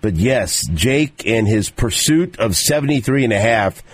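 A man's voice: medium pitch, animated, measured pace, husky. A male sports radio host in casual on-air talk, often stumbling and repeating words as he goes.

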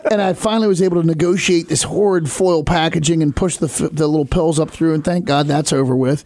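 A man telling a comic story at a slow, drawn-out pace in casual podcast chat. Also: on the high side, fairly even intonation, darkish tone. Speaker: podcast guest.

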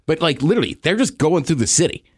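A man's voice: fairly high pitch, big pitch swings, fast, breathy edge, dry recording, studio quality. A man co-hosting a podcast, chatting casually and eagerly about sports and racing. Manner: enthusiastic, nerdy about racing. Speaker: podcast co-host.

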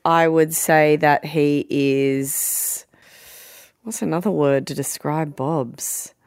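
A woman's voice: low-pitched, fairly even intonation, slow pace, darkish tone, smooth, no echo, clean studio sound. A woman, co-hosting a casual podcast, candid and cheeky with frequent laughter. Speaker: podcast co-host. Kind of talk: casual chat.

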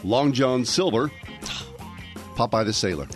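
A man co-hosting a radio show, firing off quiz prompts in a playful, quick way. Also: mid-range voice, animated, faint music behind. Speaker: radio co-host. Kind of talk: casual radio banter.

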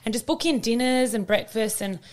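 A woman's voice: on the high side, a little fast. A young Australian woman co-hosting a casual chat podcast. She tells stories with energy, swears freely and acts out the lines of the people she quotes. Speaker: podcast co-host.

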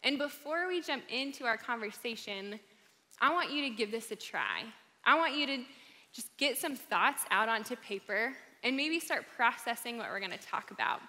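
A woman's voice: on the high side, animated, normal speed, bright, forceful tone. A woman giving an upbeat, encouraging talk to a live audience in a large room, chatting casually as she speaks. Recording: hall reverb.

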